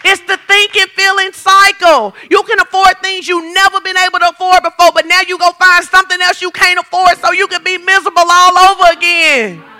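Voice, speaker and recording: A pastor with a strikingly high, piercing voice preaches in an animated, playful way. He slips into quick acted-out scenes, acting out quotes with humor, and raises his voice to a shout for emphasis, his bright, sharp tone cutting through.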